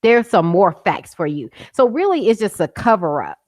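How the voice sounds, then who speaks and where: Her mid-range voice is very animated, a little mellow and moderately paced, recorded dry over a call. A middle-aged guest whose son was killed by police, she insists passionately, repeats her points, and sometimes nears tears.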